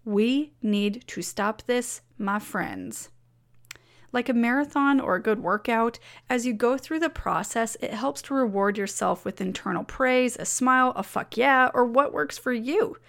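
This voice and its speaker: A woman's voice: on the high side, measured pace. A woman reading her weekly blog memo aloud as a personal letter, upbeat and encouraging.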